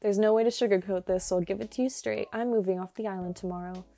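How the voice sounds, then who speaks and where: A woman's voice: medium pitch, fairly even intonation, quick pace, vocal fry, dark tone, soft background music, close to an everyday voice. A woman reading aloud a farewell from a female rabbit villager in a video game, near her own voice, over earbuds. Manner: reads game dialogue aloud plainly.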